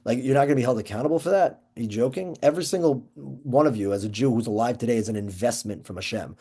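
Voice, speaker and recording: Man with a mellow voice teaching casually. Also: medium pitch, quick pace, slightly rough. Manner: conversational, many restarts and fillers, Yeshivish Hebrew terms. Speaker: Torah class teacher. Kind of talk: casual lecture on a Jewish ethics text.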